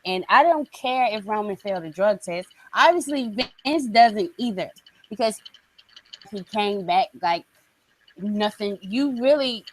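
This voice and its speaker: A woman's voice: mid-range voice, a little slow, low-quality recording. A woman co-hosting a casual wrestling podcast, ranting bluntly and swearing freely. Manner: blunt, profane, animated ranting. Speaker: podcast co-host.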